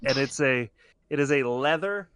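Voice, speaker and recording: A man's voice: mid-range voice, animated, normal speed, a bit bright, clear, resonant tone, no echo. A man co-hosting a podcast, casually recapping a cartoon episode in a rambling, explaining way. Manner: rambling, restarts, detailed explainer. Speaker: podcast co-host.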